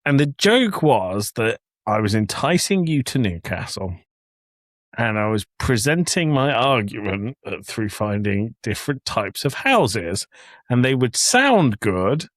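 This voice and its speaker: Recorded without any room sound, a mid-range, very animated and slightly bright voice takes its time. It belongs to a young man from England co-hosting a podcast in his home office, telling a story jokily with frequent laughter in a relaxed chat.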